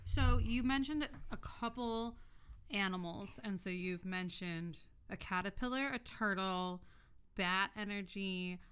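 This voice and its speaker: A young woman hosting a casual chat, reading tarot in a relaxed, talkative way. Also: mid-range voice, measured pace, a little hiss or hum. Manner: relaxed, chatty, swears casually. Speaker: host, tarot reader.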